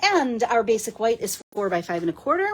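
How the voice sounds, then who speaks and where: Chatty woman with a husky voice. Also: a little high, very animated, a little fast. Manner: chatty, giggly, talks to viewers. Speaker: live-stream card-making host. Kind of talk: casual live crafting demo.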